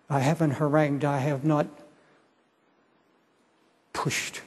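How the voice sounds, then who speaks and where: An older man preaching a sermon and altar call, pleading slowly and repeating his words. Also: fairly high pitch, steady tone, vocal fry, darkish tone, husky, in a large hall.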